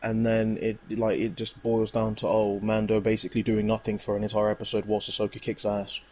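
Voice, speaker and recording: A man's voice: lowish voice, completely flat delivery, brisk, warm tone, highs cut off. A young man, casually recapping a TV episode in a rambling, slangy way. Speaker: reviewer. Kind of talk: casual chat.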